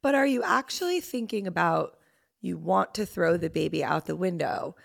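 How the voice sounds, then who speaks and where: Gravelly-voiced woman therapist. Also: on the low side, animated, normal speed. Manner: warm reassuring explanations, frequent "like". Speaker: therapist guest. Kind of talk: casual podcast conversation.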